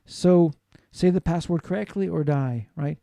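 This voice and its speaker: A man's voice: a little high, unhurried, vocal fry, warm tone, no echo. A man teaching a recorded lecture, explaining patiently and checking in with listeners.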